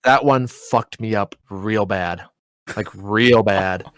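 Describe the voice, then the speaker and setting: Animated guy telling a story. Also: lowish voice, slow pace, dry recording. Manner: animated, swearing, laughing retelling. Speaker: podcast co-host. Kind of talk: casual storytelling.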